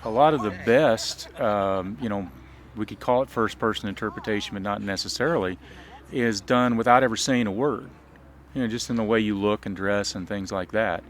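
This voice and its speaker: Speaking at normal speed in a voice on the low side, a reenactor from Southern Illinois who also teaches biology gives a casual outdoor interview. He's relaxed, with plenty of ums, uhs, and restarts.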